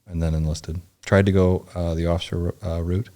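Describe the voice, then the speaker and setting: A man in his forties, from Indianapolis, tells his own story as an interview guest. His voice sits low and sounds mellow, and he rambles, stops and restarts often as he gathers his thoughts. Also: flat delivery. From Indianapolis, United States. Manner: rambling, halting, full of restarts and fillers. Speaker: podcast guest, former Navy SEAL and historian.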